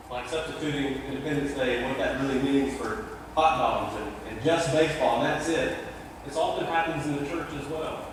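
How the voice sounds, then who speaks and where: A man's voice: on the high side, noisy background. A man, a pastor preaching a sermon in a folksy, joking, earnest way. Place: large church sanctuary. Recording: distant echoey sanctuary recording.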